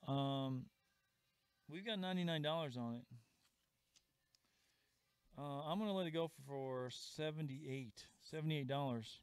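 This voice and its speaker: A man with a smooth, resonant voice pitched a little high hosts a casual live sales stream. He talks chattily, answers viewers' comments and announces prices, and the sound is close and dry. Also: a little slow, pauses often, no room sound. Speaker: comic shop host selling live. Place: comic and games shop.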